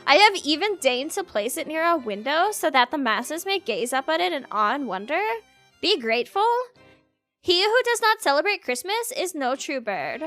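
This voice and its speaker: A woman's voice: sits high, sing-song, moderate pace, bright, forceful tone, soft background music, heavily acted. A woman voicing a haughty, aristocratic male bird who acts as student council president, reading the game's dialogue aloud in a pompous, disdainful way.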